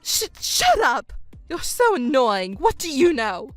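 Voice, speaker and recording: A woman's voice: sits high, big pitch swings, moderate pace, a bit bright, no room sound, faint music behind. A woman voicing a scheming, self-pitying middle-aged stepmother in a texting story, wailing and stammering indignantly. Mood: bitter.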